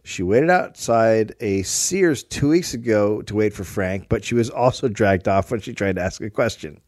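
A man's voice: fairly low pitch, lively intonation, moderate pace, a little mellow, no room sound, clean studio sound. A man co-hosting a comedic history podcast, reading from his research notes and adding wry asides in casual chat. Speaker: podcast co-host presenting the story.

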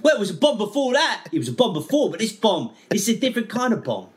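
A man's voice: sits high, very animated, fast. A man voicing a paranoid, rambling man with a put-on German accent who keeps contradicting himself. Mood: paranoid ranting. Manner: rambling, self-contradicting, shouty.

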